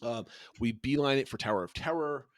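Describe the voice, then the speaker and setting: Middle-aged dad podcaster, chatty story mode, lots of restarts, dry sound. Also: male voice, mid-range voice, brisk, no room sound. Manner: animated storytelling with frequent restarts. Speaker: podcast co-host, father. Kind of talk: casual chat.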